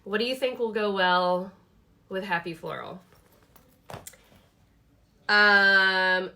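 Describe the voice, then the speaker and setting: A woman chats casually from her home office. Her voice is bright and lively, and she talks enthusiastically, thinking aloud with plenty of ums and little asides. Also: medium pitch, moderate pace, pauses often. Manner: chatty, enthusiastic, thinks aloud with many fillers. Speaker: host showing her planner products. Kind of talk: casual live product chat.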